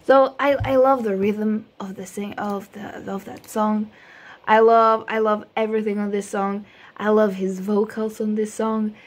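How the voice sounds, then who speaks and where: A woman's voice: mid-range voice, steady tone, measured pace. A woman chatting casually to her viewers before singing a cover, rambling, giggly and self-deprecating, stumbling over her words. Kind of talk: casual chat.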